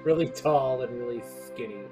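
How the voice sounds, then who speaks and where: A tabletop game player chatting playfully and pitching ideas to the game master. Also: normal speed, music in the background. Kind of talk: casual tabletop play.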